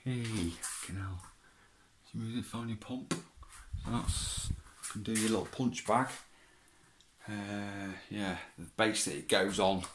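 A man's voice: on the low side, fairly even intonation, slow pace, long pauses, slight background noise. A man chatting casually, rambling as he goes through boxes of his child's old belongings, swearing and laughing as he talks. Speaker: vlogger. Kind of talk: casual chat, talking to an absent child.

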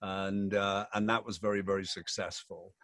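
A man's voice: deep voice, level tone, normal speed, fairly bright tone, no echo. A man in his sixties with a Yorkshire accent, chatting playfully in an interview with theatrical, jokey asides. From England. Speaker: rock singer.

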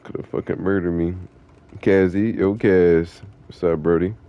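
A man's voice: deep voice, steady tone, a little slow, clear, resonant tone, highs cut off. A young man streaming an online game, chatting with viewers in a laid-back, slangy, profane way. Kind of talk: casual live-stream chat.

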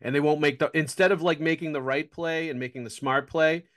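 A man's voice: a little high, steady tone, brisk, fairly bright tone. A man hosting a hockey podcast, talking casually and emphatically, agreeing strongly and running his points together. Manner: chatty, frequent "like" fillers, emphatic agreement. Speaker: podcast host.

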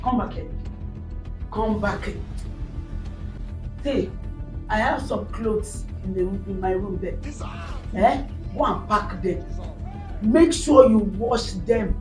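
A woman playing a bossy, scolding Nigerian mother-in-law in a comedy skit, mocking her daughter-in-law and shouting in bursts. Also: a little high, slow pace, long pauses, roomy sound, soft background music, poor audio.

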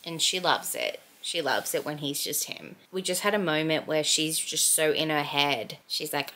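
Chatty Australian woman with a bright voice. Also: deep voice, normal speed, hardly any pauses. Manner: chatty, heavy use of "like", giggly. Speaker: book vlogger. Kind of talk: casual book review chat. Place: home.

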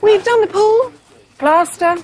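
An actress playing a cheerful, coaxing English expat hostess. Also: female voice, extremely high pitch, unhurried. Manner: bright, coaxing. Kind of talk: TV drama acting.

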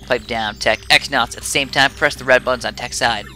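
A man's voice: medium pitch, steady tone, brisk, sharp tone, faint music behind. A man voicing a scheming male villain commander who barks scornful orders. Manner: barking, sneering orders.

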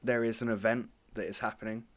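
A woman's voice: very deep voice, level tone, fast. A woman in her twenties co-hosting a comedy podcast, joking playfully and laughing often, on a voice-call mic. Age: 20s. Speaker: podcast co-host. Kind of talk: casual comedy chat. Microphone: computer mic on a voice call.

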